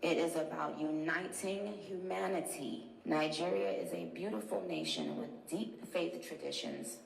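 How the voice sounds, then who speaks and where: A woman giving a formal prepared speech, solemn and deliberate. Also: fairly low pitch, expressive, vocal fry. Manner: slow, deliberate, solemn delivery. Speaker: speaker at a public address. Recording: echoey hall audio.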